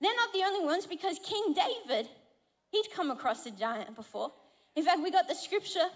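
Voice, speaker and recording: A very high-pitched woman gives a lively, story-driven sermon, laughing as she goes. Her voice echoes through a church hall with long reverb. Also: normal speed. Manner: animated storytelling, laughs often. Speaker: pastor.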